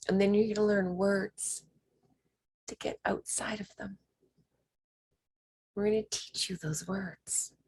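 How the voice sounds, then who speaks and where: A woman leading a spiritual workshop, talking slowly and emphatically and sometimes dropping to a whisper. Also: mid-range voice, a little mellow, a little hiss or hum. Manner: slow, emphatic, drops to whispers. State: emotional. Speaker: workshop leader.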